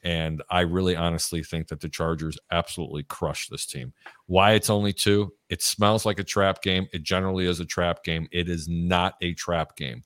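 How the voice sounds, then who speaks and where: Brash, bright-voiced man hosting a sports show. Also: sits low, fairly even intonation, moderate pace, no room sound, clean studio sound. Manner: loud, brash and joking, often laughing. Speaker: sports betting show host. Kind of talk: casual sports betting talk.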